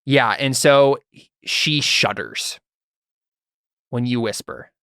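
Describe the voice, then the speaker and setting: A man narrating a tabletop game as game master, relaxed, thinking aloud and laughing often. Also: mid-range voice, takes it slowly, smooth, no echo, studio quality.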